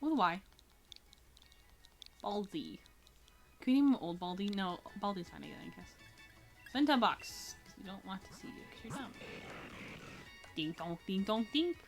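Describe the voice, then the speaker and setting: A woman's voice: medium pitch, expressive, fast talker, gravelly, faint music behind. A young woman streaming a video game, chatting in a playful, goofy, joking way. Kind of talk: casual gameplay chat.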